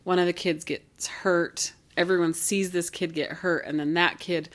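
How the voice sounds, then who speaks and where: A woman's voice: fairly low pitch, fairly even intonation, moderate pace. A woman speaking as a podcast guest, telling a personal story in a candid, chatty way, with frequent "like" fillers as she retells what others said.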